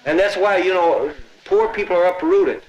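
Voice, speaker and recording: Man, slightly high voice, matter-of-fact explainer, echoey room. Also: normal speed. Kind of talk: interview. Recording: echoey room on old film.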